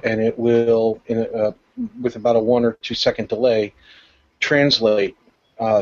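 Easygoing man co-hosting a podcast. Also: fairly low pitch. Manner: easygoing, laughs at himself. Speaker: podcast co-host. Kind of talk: casual chat. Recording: dull lo-fi podcast audio.

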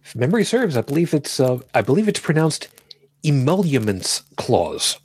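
Casting: male co-host, husky voice, dry close mic, loose rambling chat. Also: fairly high pitch, sing-song, moderate pace, darkish tone, no echo. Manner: rambling, self-correcting, jokey. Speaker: podcast co-host. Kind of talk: casual chat.

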